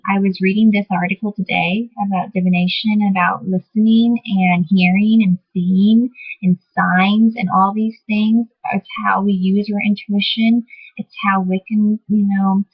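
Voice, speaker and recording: A woman with a breathy, slightly husky voice talks her viewers through a topic in a loose, meandering vlog style. She keeps stopping to rephrase and fill gaps with little asides. The sound is muffled and lo-fi, like an older home video. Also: medium pitch. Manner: rambling, many fillers and self-corrections. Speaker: vlogger teaching divination. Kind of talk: casual explanatory talk to camera.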